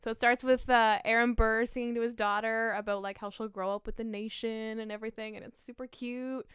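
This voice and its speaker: A young woman co-hosting a podcast in casual, excited chat, swearing freely and laughing often. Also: a little high, a little fast, clean tone, dry recording, studio quality. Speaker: podcast co-host.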